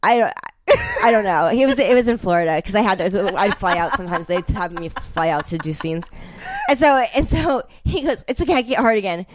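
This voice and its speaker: A woman's voice: mid-range voice, normal speed, slight background noise. A young adult woman, an interview guest, telling stories in casual chat, full of fillers and acted-out quotes. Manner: animated storytelling, heavy filler "like", acts out quotes.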